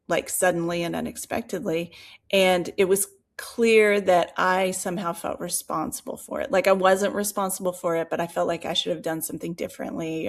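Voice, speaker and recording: A woman co-hosting a podcast, telling a personal story in casual chat, animated and full of fillers and asides. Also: on the low side, gravelly. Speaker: podcast co-host.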